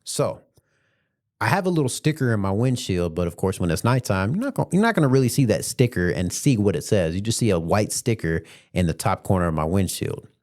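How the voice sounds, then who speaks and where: Laughing as he goes, a podcast host and rideshare driver spins a chatty, slang-filled rideshare story in a casual monologue. He talks briskly in a fairly low, darkish voice with big swings in pitch.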